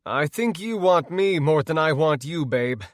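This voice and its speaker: A man's voice: fairly high pitch, very animated, a little slow, no room sound, clean studio sound. Man voicing a brash, cocky young hero. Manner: brash, loud and joking.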